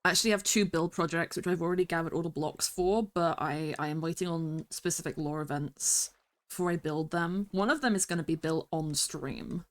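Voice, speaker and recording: A woman streamer rambling through casual gameplay commentary, talking to herself with bursts of excited exclamations. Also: low-pitched, brisk. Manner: chatty, rambling self-talk with excited exclamations. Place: home streaming setup.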